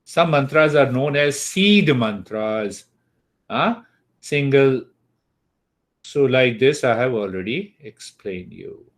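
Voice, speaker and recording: A man teaching an online class on mantras, speaking deliberately and checking in with his students. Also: medium pitch, expressive. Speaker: spiritual teacher.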